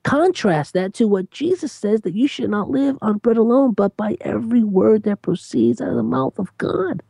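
An animated preacher who talks emphatically in conversation, laughing between points and slowing down to stress key phrases. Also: mid-range voice, vocal fry, dry recording, studio quality. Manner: lively, emphatic, repeats "you know what I'm saying".

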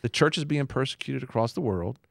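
A man's voice: medium pitch, a little fast, gravelly, no echo, studio quality. A man co-hosting a Christian talk show, preaching earnestly in casual conversation and acting out quotes. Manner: earnest, animated, acts out quotes.

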